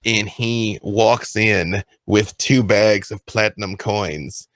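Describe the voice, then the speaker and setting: A man narrating a tabletop game as game master in an unhurried storytelling way. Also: fairly low pitch, fairly even intonation, fairly bright tone, no room sound.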